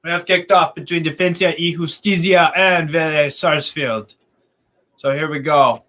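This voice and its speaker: A man with a bright, forceful voice, talking fairly high, calls a football match live for his stream. His play-by-play is excitable and chatty, broken up by easy banter with a friend. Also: moderate pace, low-quality recording. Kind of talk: casual live watch-along commentary.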